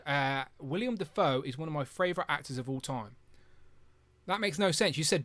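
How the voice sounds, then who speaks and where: A man in his younger years hosts a relaxed live stream, jumping between viewer comments with jokey excitement. His voice is on the high side and cuts through crisply and brightly, close and dry on the mic. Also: fairly quick, no room sound. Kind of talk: casual live stream chat.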